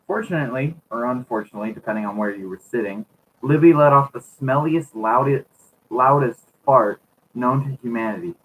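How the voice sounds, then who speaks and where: A man's voice: mid-range voice, fairly quick, a little hiss or hum, poor audio. Giggly man reading a book aloud. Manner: giggly, keeps cracking up while reading.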